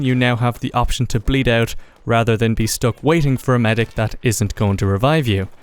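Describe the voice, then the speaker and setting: A man's voice: medium pitch, clear, resonant tone. A man narrating a gameplay video in a casual, enthusiastic commentary voice-over. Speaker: gaming video creator.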